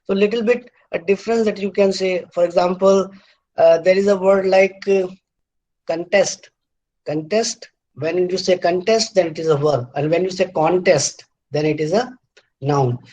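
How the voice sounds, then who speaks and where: A middle-aged man lecturing on word formation, halting often with fillers and restarts and repeating words aloud to show their stress. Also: high voice, steady tone, dark tone, dull audio. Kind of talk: university lecture.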